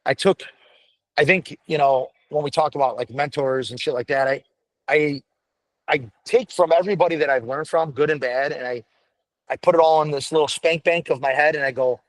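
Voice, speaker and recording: A man's voice: fairly high pitch, a little fast, no echo, low-quality recording. A middle-aged man, a veteran firefighter, talking bluntly and with lots of swearing as a podcast guest. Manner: blunt, profane, animated storytelling. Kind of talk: candid podcast conversation.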